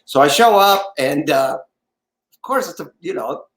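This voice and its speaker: A man telling a story as an interview guest, his slightly high voice bouncing in a roomy space. He keeps it animated and acts out the other people's lines as he goes. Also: a little slow. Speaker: guest actor.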